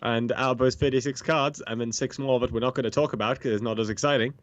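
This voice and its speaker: A man's voice: mid-range voice, fairly even intonation, fast talker, lo-fi sound. Man making dry, teasing quips. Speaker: podcast co-host. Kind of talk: casual chat.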